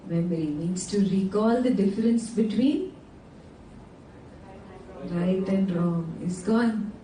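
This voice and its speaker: Animated woman teaching a class, echoey room. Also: mid-range voice, slow, distant mic, a little hiss or hum. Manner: animated, asks the class frequent check-in questions. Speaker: scripture teacher. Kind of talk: teaching a class on a sacred text. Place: indoor class room with students.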